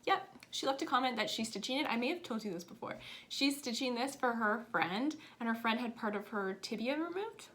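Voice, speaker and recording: A woman's voice: a little high, expressive, a little fast, a bit bright. Chatty woman vlogging about stitching. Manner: chatty, rambling, self-deprecating. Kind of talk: casual chat.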